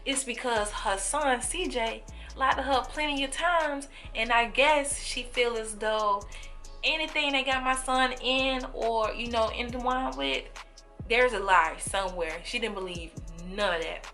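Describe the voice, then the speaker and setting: A young woman telling a story to her viewers in a casual, animated way, acting out the voices of people in it, with speech. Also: a little high, unhurried, soft background music. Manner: animated, acts out quoted voices, talks straight to viewers. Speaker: storytime vlogger.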